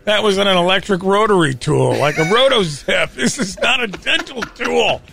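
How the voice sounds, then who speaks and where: A man's voice: high voice, lively intonation, moderate pace, gravelly. A man in his forties hosting a comedy radio show, cracking puns and laughing at his own jokes in casual banter. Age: 40s.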